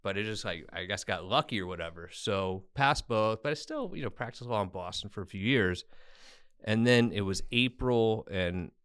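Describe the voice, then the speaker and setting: Interviewed as a guest, a Tennessee attorney recounts his story with blunt, self-mocking humor, livening up when he quotes others. His voice sits on the low side, with a clean tone and an ordinary pace.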